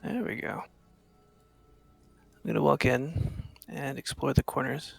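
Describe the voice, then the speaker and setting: A man taking part as a player in a tabletop role-playing game, with quick, dry, laconic remarks. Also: mid-range voice, steady tone, gravelly, husky, dry recording, soft background music. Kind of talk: in-character tabletop play.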